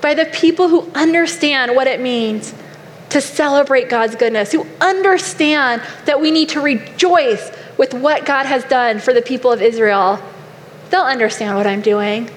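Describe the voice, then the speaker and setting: A woman's voice: high voice, moderate pace, lightly acted. A woman preacher voicing a devout king who answers his wife firmly and pointedly. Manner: pointed, firm. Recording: long hall reverb, faint noise.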